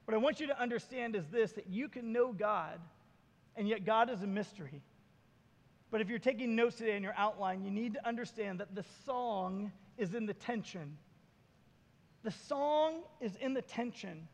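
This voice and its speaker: A male pastor preaching a sermon, retelling Bible scenes with animated, acted-out dialogue. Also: sits high, moderate pace, long reverb tail.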